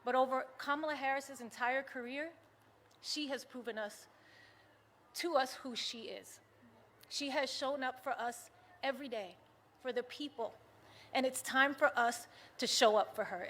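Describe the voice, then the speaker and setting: A woman from the United States giving an impassioned political rally speech, moving from hushed, earnest talk to rousing shouts. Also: sits high, measured pace, pauses often, a little hiss or hum. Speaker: rally speaker. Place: large rally venue with a cheering crowd.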